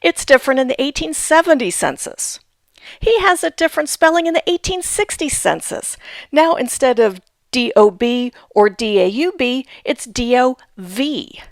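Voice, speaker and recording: A woman's voice: sits high, animated, moderate pace, no room sound, studio quality. A woman giving a patient instructional talk on family history research, spelling out names letter by letter. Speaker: genealogy instructor.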